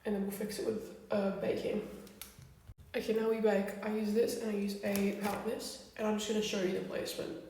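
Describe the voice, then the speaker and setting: A woman's voice: mid-range voice, flat delivery, fairly quick, warm tone, slight background noise. A young woman chatting casually through a makeup tutorial, blunt and swearing freely. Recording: very echoey room, distant from mic.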